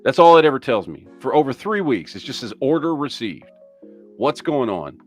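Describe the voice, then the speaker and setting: A man's voice: mid-range voice, very animated, normal speed, faint music behind. A man hosting a casual live-stream podcast, ranting and swearing in an exasperated way while he reads viewer comments. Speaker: podcast host.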